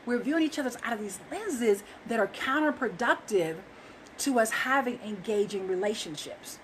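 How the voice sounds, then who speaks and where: A woman's voice: on the high side, lively intonation, normal speed, a little hiss or hum, poor audio. A woman talking earnestly to viewers about relationships, emphatic and loose, with frequent fillers. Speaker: relationship speaker. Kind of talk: casual monologue to viewers.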